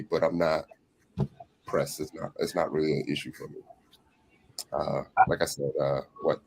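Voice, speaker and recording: A man speaking as a guest on a panel show, laid-back and relaxed, often saying "you know.". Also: deep voice, creaky, low-quality recording. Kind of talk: casual panel chat.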